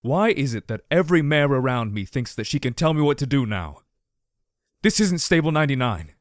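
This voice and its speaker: A man's voice: on the low side, normal speed, dry recording, studio quality, lightly acted. A man doing a brittle, trembling young stallion. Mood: cross. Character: stoic young stallion pony, now raw and brittle. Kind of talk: audiobook character voice.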